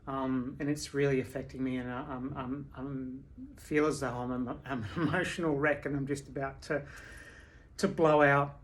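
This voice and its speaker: A tired woman speaking candidly at home in a personal video diary, halting, with many restarts and fillers. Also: rumbling low, fairly even intonation, slight background noise. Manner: candid and confessional. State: tired from sleepless nights. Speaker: vlogger.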